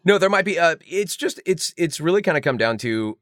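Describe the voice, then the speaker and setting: A middle-aged male voice actor, a guest in a casual interview, telling animated, self-mocking stories with lots of fillers. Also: on the high side, fairly quick, dry recording, studio quality.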